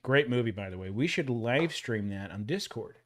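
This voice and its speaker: A man's voice: mid-range voice, animated, moderate pace, slight background noise. A man in his forties with a Texan accent, hosting a casual livestream and rambling as he reacts to old commercials. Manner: rambling, chatty, laughs at his own jokes.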